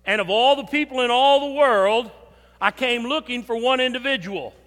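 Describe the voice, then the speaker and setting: An older man preaching a sermon in a church, emphatic, with swings between loud and soft. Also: very high voice, normal speed. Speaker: pastor. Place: church sanctuary. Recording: long hall reverb.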